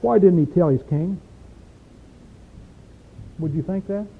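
A man preaches in a homely, talk-to-you way, firing questions at his listeners. His voice sits high, and the recording is thin and tinny, like a phone line. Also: slow pace, gravelly, slight background noise. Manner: folksy, conversational, asks the listeners questions. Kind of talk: sermon.

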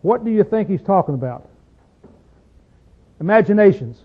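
A man's voice: sits high, animated, normal speed, pauses often. A man preaching a sermon in a folksy, emphatic way with a Southern US accent, often asking his listeners questions. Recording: tinny phone-like recording.

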